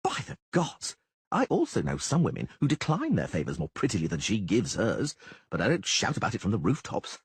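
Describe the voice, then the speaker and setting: A man's voice: fairly low pitch, huge pitch swings, a little fast, husky, dry recording, studio quality, exaggerated voice. A man voicing a vain, flamboyant young bard with a theatrical manner in an audiobook. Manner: theatrical, exclaiming. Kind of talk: audiobook character voice.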